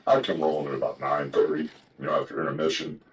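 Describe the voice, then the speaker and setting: An older man with a deep, low-pitched voice spins loose, profane stories in a casual chat. A faint hiss of noise sits under his talk. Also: fairly even intonation, quick pace, low-quality recording. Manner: profane, rambling yarn-spinner. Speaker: guest telling old stories. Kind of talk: casual storytelling.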